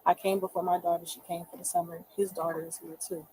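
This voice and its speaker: A woman's voice: lowish voice, level tone, dark tone, a little hiss or hum, poor audio. Rambling woman recounting to police. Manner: rambling, halting, many fillers. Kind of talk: distressed firsthand account. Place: indoors at a home.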